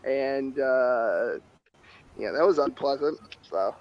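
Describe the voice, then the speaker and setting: A man's voice: mid-range voice, takes it slowly. A man with a nasal voice, hosting a casual group chat in rambling, profane rants. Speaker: podcast host. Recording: dull lo-fi audio.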